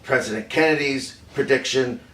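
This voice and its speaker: Guy acting as a famous director, halting, lots of uhs, echoey distant room. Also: mid-range voice, sharp tone, close to an everyday voice. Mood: hesitant. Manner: halting, hesitant, many fillers. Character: man playing a famed film director recounting secrets. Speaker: actor in a staged interview. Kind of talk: improvised interview acting. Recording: roomy echo from a distant mic with faint noise.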